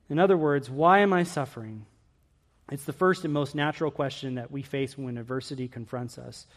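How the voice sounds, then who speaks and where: A middle-aged man preaching a sermon, earnest, swinging from loud pleading questions to hushed emphasis. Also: medium pitch, brisk.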